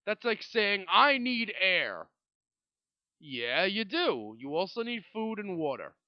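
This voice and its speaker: A man's voice: high-pitched, very animated, unhurried, no echo, lo-fi sound. A young man from Brooklyn, hosting a solo podcast in a rambling, swearing rant full of restarts. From Brooklyn, New York. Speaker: podcast host. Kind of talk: casual solo podcast monologue.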